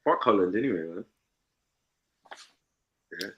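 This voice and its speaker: A man's voice: on the low side, animated, a little slow, highs cut off, a crowd in the background. A man hosting a live stream, mocking a caller with brash, laughing trash talk.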